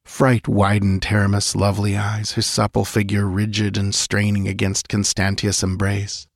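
A man narrating a fantasy audiobook in an expressive, measured storytelling manner. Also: lowish voice, creaky, no echo, studio quality.

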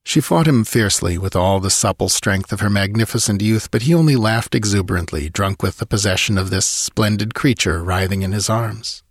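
Casting: male audiobook narrator, measured and dramatic, low pitch, dry close mic. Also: no echo.

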